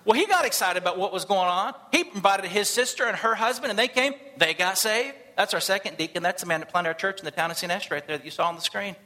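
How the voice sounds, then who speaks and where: A man preaches to a congregation, telling his story quickly and with a lot of energy. His voice sits high and sounds bright and forceful. He slips into the voices of the people in his story as he tells it. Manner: animated, acts out quoted voices. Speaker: missionary pastor. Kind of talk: sermon storytelling. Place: church service.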